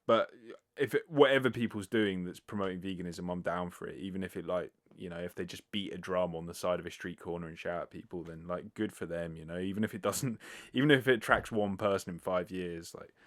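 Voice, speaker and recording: This UK podcast host, slightly low in register, rambles loosely through listener questions on his casual solo show, swearing freely and leaning on fillers. He speaks right up against a sensitive microphone.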